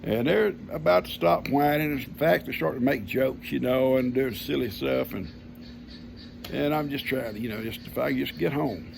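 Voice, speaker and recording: Gravelly older Texan storyteller. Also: male voice, mid-range voice, moderate pace, background noise. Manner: folksy, homespun grammar, chuckling storyteller. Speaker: vlogger telling a family story. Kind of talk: casual storytelling.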